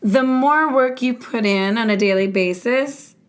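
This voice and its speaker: Encouraging woman co-host, fairly high voice. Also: unhurried, clean tone. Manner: encouraging, explains with everyday comparisons. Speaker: acting coach and co-host. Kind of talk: casual instructional chat.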